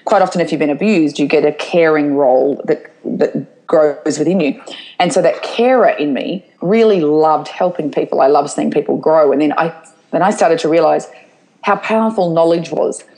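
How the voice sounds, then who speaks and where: A woman's voice: low voice, moderate pace, a little mellow, poor audio. A middle-aged woman, a guest speaker, answering interview questions candidly and telling stories with frequent restarts. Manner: open, storytelling, restarts her sentences.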